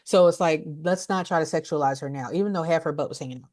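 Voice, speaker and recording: Woman on a podcast retelling a movie plot, kinda low voice, blunt, swears, laughs a lot. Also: fast talker. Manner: animated, laughing, blunt and profane. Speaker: podcast co-host, movie reviewer. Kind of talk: casual movie recap.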